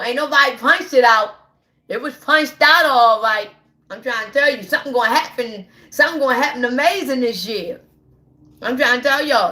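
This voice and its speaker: A woman's voice: on the high side, pushed and bright, reverberant. A woman hosting a casual livestream, talking straight to her viewers in a brash, profane and repetitive way, laughing often. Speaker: livestream host.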